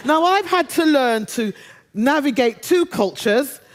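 Lively woman preacher with humor. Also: high voice. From Britain. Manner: humorous, conversational, drawn-out quoted phrases. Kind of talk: sermon.

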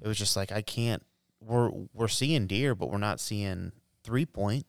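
A man in his thirties telling a hunting story in casual podcast chat, animated, laughing often and swearing freely. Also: on the low side, measured pace, clear, resonant tone, no room sound, studio quality. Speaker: podcast co-host.

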